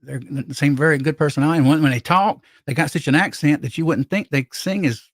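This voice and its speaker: A man's voice: on the high side, quick pace, no echo. A man hosting a casual live stream, rambling and reading viewer comments aloud with lots of restarts.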